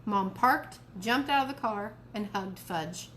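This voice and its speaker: A woman reading a children's novel aloud for a library storytime, clear and expressive. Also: medium pitch, measured pace, slight background noise.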